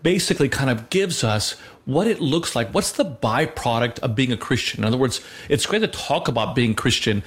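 A man with an ordinary middle-pitched voice speaks earnestly about faith on a talk show. He talks conversationally, pausing on fillers and restarting his sentences as he goes. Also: animated, a bit bright. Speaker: co-host of a Christian radio show.

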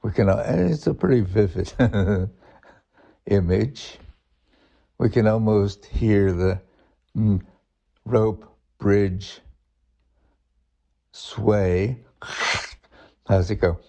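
A man with a very low, gravelly voice gives a slow spiritual reflection. He speaks in a halting, searching way, thinking aloud. His tone is dark and husky. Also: highs cut off. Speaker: Christian speaker.

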